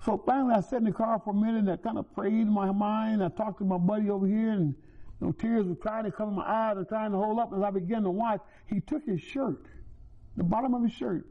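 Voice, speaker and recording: Man, high-pitched, testifying in church; emotional storyteller with restarts, tinny phone-like recording. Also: moderate pace, long pauses. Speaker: church member giving testimony. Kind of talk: personal testimony.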